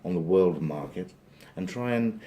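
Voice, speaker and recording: A man's voice: deep voice, lively intonation, normal speed, warm tone. A man telling a long joke in a rambling style full of digressions and dry asides. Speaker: joke teller. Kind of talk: rambling comic storytelling.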